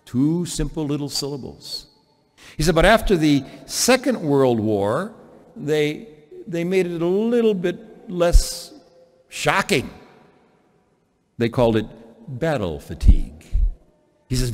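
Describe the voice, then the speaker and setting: Male priest preaching a homily, very lively pitch, stop-start delivery, long chapel reverb. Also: a little slow. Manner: animated preaching with many restarts.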